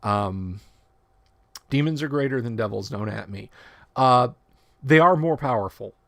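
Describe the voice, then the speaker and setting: A man's voice: mid-range voice, lively intonation, a little slow, gravelly, dry recording. A man hosting a casual livestream, reading tabletop rule text aloud and breaking off for joking asides and self-corrections. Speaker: livestream host.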